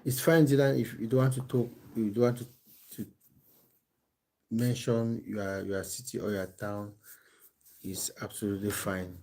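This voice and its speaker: Mellow-voiced man chatting on a live stream. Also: on the low side, flat delivery, a little slow, pauses often. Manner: chatty, hesitant, many restarts and fillers. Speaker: football coach and live streamer. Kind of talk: casual live-stream chat reading viewer comments. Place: at home in England. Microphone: phone.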